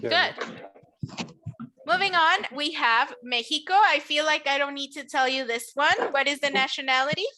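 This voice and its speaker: A woman's voice: high voice, normal speed, pushed and bright, slight background noise. A woman whose first language is Spanish, teaching English pronunciation in a patient, encouraging classroom drill with careful enunciation.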